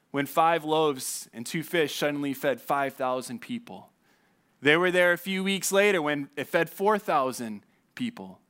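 A man preaching a sermon as pastor, conversational and animated, often asking his listeners questions and dropping low and quiet on key points. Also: clear, resonant tone.

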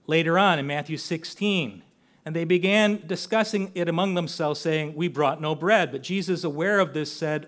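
A man's voice: a little high, animated, measured pace. Earnest older man preaching a sermon. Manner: earnest, conversational preaching with rhetorical questions. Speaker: pastor.

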